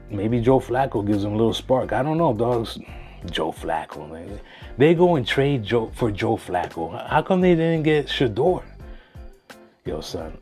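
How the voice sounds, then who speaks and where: A man casually talking through sports picks on his own channel, slangy and animated, dropping Spanish phrases. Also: lowish voice. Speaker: sports vlogger.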